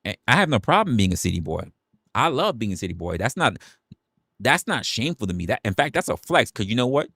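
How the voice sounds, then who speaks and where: A man's voice: medium pitch, big pitch swings, fast talker, a bit bright, slightly rough, dry recording, clean studio sound. A young man from New City, ranting animatedly and jokingly on a livestream. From New York City. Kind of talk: casual livestream rant.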